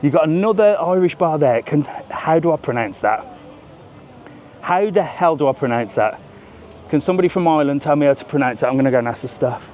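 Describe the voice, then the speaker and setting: A man's voice: fairly high pitch, animated, brisk, slight background noise. A man chatting and joking with viewers while walking outdoors on a live vlog. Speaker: travel vlogger. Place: outdoors on a busy seafront. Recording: music loud in background. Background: music playing nearby.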